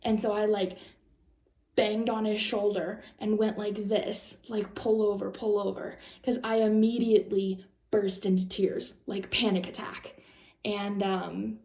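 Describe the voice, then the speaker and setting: A young woman rambles through a personal story for her vlog, full of fillers and restarts. Her voice has a gravelly fry and a mellow, darker tone. The room around her sounds echoey. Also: medium pitch, level tone, measured pace. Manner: rambling, lots of "like" and "um", anxious retelling. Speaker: vlogger.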